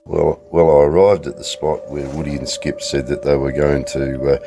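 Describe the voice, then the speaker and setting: Bloke doing a loud deep space traveler, booming away. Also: male voice, steady tone, moderate pace, gravelly, background noise. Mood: expectant.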